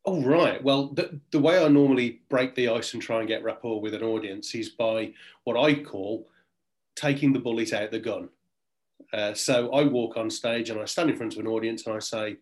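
A man's voice: medium pitch, moderate pace. Jokey Brummie man on a call. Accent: Birmingham. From Birmingham, England. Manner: jokey, self-deprecating storyteller. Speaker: guest speaker. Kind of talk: interview chat.

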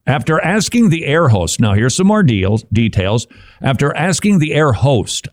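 A man's voice: medium pitch, darkish tone, no room sound, clean studio sound. A man hosting a Christian commentary show, talking casually and wryly, with asides and chuckles. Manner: wry, conversational, with asides and chuckles. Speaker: Christian talk show host.

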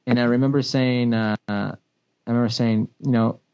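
A man, a sports broadcaster and former pro soccer player, telling a story in a casual podcast chat, with big pitch swings and frequent restarts. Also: fairly even intonation, a little fast, darkish tone, clean tone. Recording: dull lo-fi podcast audio.

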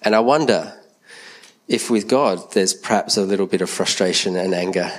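Dad chatting to church kids. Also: male voice, deep voice, moderate pace. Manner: gentle, chatty, asks the children questions. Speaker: church leader speaking to a congregation. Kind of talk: children's talk in a church service.

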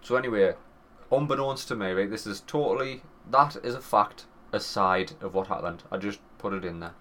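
A man in his thirties with a Northern English accent, co-hosting a podcast and telling a swearing, animated anecdote with quoted voices. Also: fairly low pitch, moderate pace. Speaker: podcast co-host. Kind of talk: casual storytelling chat.

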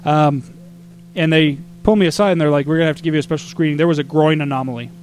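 Chatty man with a higher voice. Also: racing, slight background noise. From Arizona. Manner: animated, exasperated storytelling with acted-out quotes. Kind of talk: casual storytelling chat.

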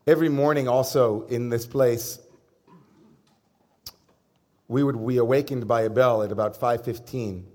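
Male rabbi, mid-pitched, easygoing, joking sermon voice, natural pauses. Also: steady tone, a little mellow. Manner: conversational, humorous, with pauses and fillers. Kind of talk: sermon with personal storytelling. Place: synagogue service before a congregation.

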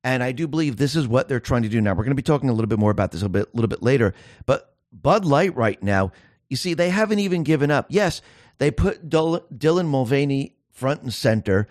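A man's voice: medium pitch, animated, a little fast, darkish tone, dry recording. Emphatic male commentary host, dry recording. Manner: emphatic, repetitive, rhetorical questions. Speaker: show host. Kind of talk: political commentary monologue.

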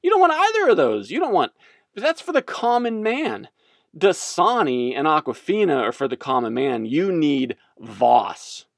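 A man's voice: on the high side, very animated, a little slow, creaky, no room sound, studio quality, heavily acted. A man voicing a snooty luxury bottled-water brand that talks down to people. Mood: condescending. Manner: condescending, sneering.

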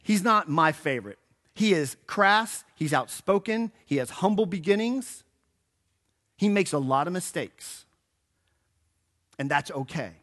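A man's voice: high voice, a little slow, long pauses. A man preaching a sermon in church, telling the story casually and playfully, with a joke now and then. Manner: animated storytelling, acting out quotes; casual and joking. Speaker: pastor.

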